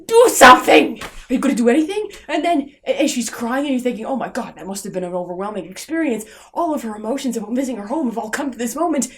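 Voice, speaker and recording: A young woman vlogging a sarcastic, exasperated film review. Her voice sits a little high and jumps around a lot, from loud disbelieving outbursts down to grumbling asides. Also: animated, fast talker, few pauses.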